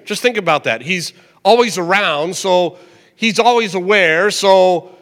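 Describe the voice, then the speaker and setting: An older man preaches in a fairly high voice, talking to the congregation in a loose, conversational way. He slows right down when he repeats a verse. A long hall reverb trails behind every line. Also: fairly bright tone. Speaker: pastor. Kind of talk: sermon. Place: church sanctuary.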